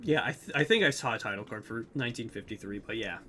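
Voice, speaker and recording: A man's voice: lowish voice, animated, quick pace, bright, forceful tone, slight background noise. A young man co-hosting a podcast, retelling a movie plot in rambling casual chat with lots of fillers. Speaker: podcast co-host.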